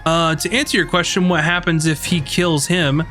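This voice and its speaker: A man's voice: a little high, moderate pace, faint music behind. Man running a tabletop game. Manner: relaxed, chatty, filler-heavy narration. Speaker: game master.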